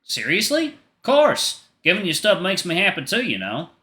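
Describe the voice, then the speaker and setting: Brief: male streamer doing a gentle young guy with a Southern drawl, voice pushed up high and bright. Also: huge pitch swings, moderate pace, exaggerated voice. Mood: sweet. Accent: American Southern, put on. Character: sweet young man with a country drawl.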